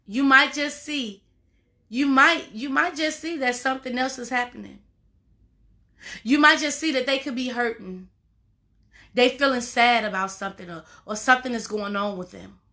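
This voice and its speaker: A woman's voice: high voice, normal speed, pushed and bright. A woman life coach giving a motivational talk to viewers, emphatic and informal, repeating her phrases and calling listeners y'all and baby.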